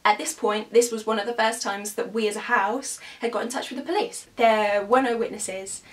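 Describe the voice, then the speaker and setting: A woman's voice: on the high side, fairly even intonation, normal speed, distant mic. A young woman, a student telling an agitated, emphatic story in a storytime vlog. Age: young adult. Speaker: student vlogger.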